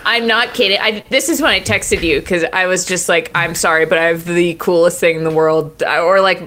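Bright, excitable woman podcast co-host. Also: fairly low pitch, moderate pace, slight background noise. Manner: excitable, laughs a lot, rambling. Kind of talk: casual chat.

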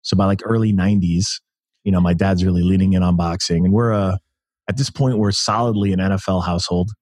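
A man's voice: sits low, fairly even intonation, fairly quick, darkish tone, no echo, studio quality. A man in his thirties from the United States, telling stories as a guest in a casual interview, enthusiastic and full of restarts. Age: 30s. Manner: storytelling, enthusiastic, many restarts. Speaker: podcast guest.

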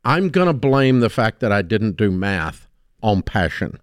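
A man's voice: lowish voice, very animated, unhurried, clear, resonant tone, no room sound, studio quality. A man with a Southern American accent hosting a call-in advice radio show, blunt and scolding with heavy emphasis.

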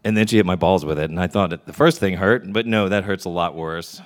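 A man's voice: sits low, fairly quick. Middle-aged man from Texas, live comic storyteller, wry and candid, punchline-driven.

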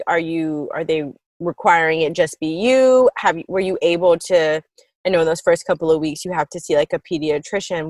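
Low-voiced woman asking interview questions. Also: no echo, rough recording.

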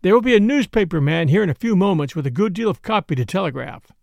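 A man's voice: high-pitched, expressive, fast, creaky, darkish tone, no echo, clean studio sound. A man voicing a grim young male telegraph operator who speaks tersely and bluntly.

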